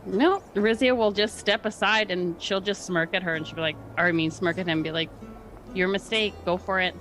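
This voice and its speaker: Female player in a streamed tabletop game, music loud in the mix. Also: lowish voice, steady tone, brisk, rough recording. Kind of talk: tabletop role-play.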